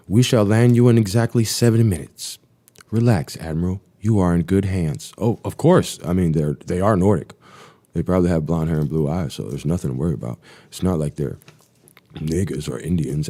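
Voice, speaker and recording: A man with a low, mellow voice hosts a live stream and reads a diary aloud. He keeps breaking off for profane, sarcastic commentary.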